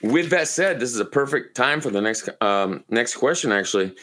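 A man from Maine co-hosting a podcast, telling long rambling, profane stories in a relaxed, casual way. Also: medium pitch, normal speed. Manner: profane, rambling, laid-back storyteller. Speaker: podcast co-host. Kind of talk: casual storytelling chat.

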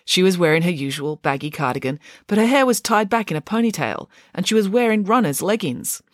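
Woman, storybook narrator, expressive reading, low pitch, lively melody, dry. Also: fairly quick, no echo. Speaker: audiobook narrator.

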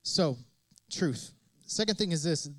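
High-voiced emphatic male pastor preaching. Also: expressive, measured pace, dry recording, poor audio. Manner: emphatic, repetitive preaching with rhetorical questions. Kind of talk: sermon.

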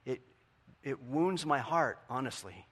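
A middle-aged man preaching a sermon in a conversational way, asking the congregation questions and swinging from quiet to loud. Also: medium pitch, animated, measured pace, husky. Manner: conversational, asks the audience questions. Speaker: pastor.

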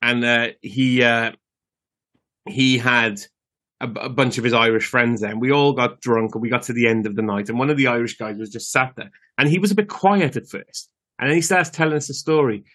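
A man's voice: mid-range voice, a little fast, a bit bright. A man co-hosting a podcast, telling rambling stories in casual chat with many fillers. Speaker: podcast co-host.

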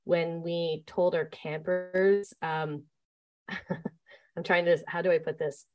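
A woman who leads staff at a summer camp, telling stories in a relaxed interview and talking with many fillers and restarts. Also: lowish voice, slow pace, highs cut off. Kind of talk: conversational interview storytelling.

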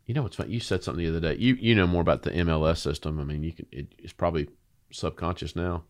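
A man with a fairly low voice hosts a relaxed faith conversation. He teases his guest with playful questions, then moves into preacher-style reflection. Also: very fast. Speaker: host.

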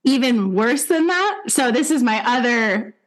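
High-voiced woman telling animated stories. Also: unhurried. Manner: animated, swears freely, lots of fillers. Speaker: dog trainer. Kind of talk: casual podcast storytelling.

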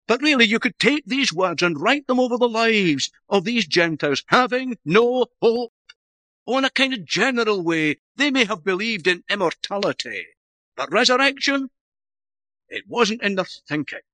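High, bright-toned preacher with a Northern Irish accent. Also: male voice, no room sound. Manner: emphatic, swells high and drops low and slow on key words. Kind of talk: sermon.

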